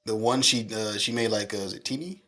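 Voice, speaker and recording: Animated storytelling man on a podcast. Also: fairly low pitch, fairly quick. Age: 30s. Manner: storytelling, animated, profane, laughing often. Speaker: podcast co-host. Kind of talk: casual chat.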